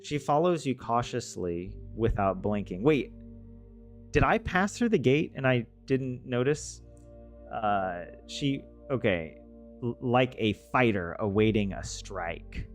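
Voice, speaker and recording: A man's voice: mid-range voice, animated, takes it slowly, soft background music. A man casually playing a text game, reading its narration aloud and joking about the text as he goes. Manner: joking, chatty, questions the text as he reads. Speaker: gaming video host.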